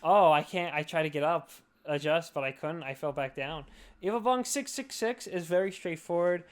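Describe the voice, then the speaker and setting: Rambling tipsy young man, clear voice. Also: on the high side, moderate pace. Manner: rambling, profane, slurry. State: drunk. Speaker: podcast host. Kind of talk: casual drunk chat.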